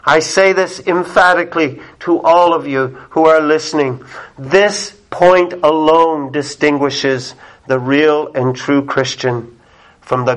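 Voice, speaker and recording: Pastor guy preaching slow, kinda high voice, gets loud then drops real quiet. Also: low-quality recording. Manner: emphatic preaching, swinging between loud cries and hushed low passages. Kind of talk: sermon.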